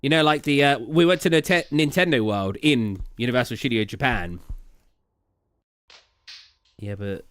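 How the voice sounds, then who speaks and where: A young British man streaming live, telling rambling travel stories in casual chat, full of fillers and quick laughs. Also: mid-range voice, fairly bright tone, clear, resonant tone. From Britain. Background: faint game music.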